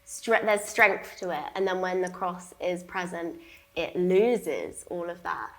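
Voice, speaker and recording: A woman's voice: lowish voice, a little slow. A young woman speaking as an artist in a public gallery conversation, chatty, with many fillers and frequent laughs. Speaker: artist discussing her exhibition. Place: gallery talk before an audience.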